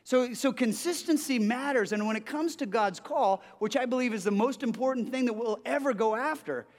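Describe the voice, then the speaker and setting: A male pastor preaches with an animated, storytelling delivery, often stumbling and repeating words as he goes. His voice sits high for a man. The sound rings with a long reverb, as if in a large hall. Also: moderate pace. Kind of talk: sermon.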